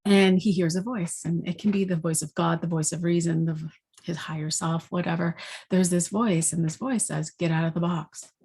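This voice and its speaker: A woman, an intuitive energy coach, giving a spoken forecast with gentle, vivid storytelling. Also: on the low side, steady tone, normal speed, breathy edge.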